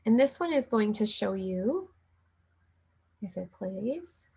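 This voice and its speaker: A woman's voice: medium pitch, sing-song, takes it slowly, creaky, dark tone, slightly rough. A woman giving a casual recorded lecture on teaching reading, with fillers and light laughs. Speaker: teacher educator.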